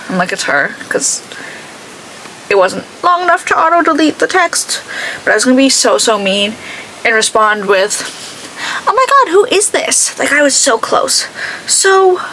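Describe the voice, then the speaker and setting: A woman's voice: high-pitched, a bit bright, slight background noise, low-quality recording. A young woman chatting casually while doing her makeup, rambling through a story and quoting herself with lots of "I'm like.". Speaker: beauty vlogger.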